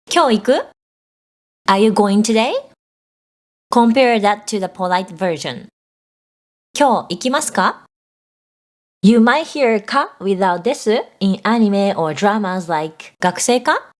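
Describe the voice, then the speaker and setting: Woman teaching a language lesson, clear and patient, mid-pitched voice, reads out examples step by step. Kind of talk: scripted explanatory lesson.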